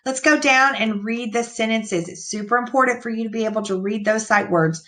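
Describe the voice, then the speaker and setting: A woman's voice: a little high, fairly quick, few pauses, fairly bright tone. A woman teacher reading a picture book aloud to young children, patiently explaining the words and counting the numbers out.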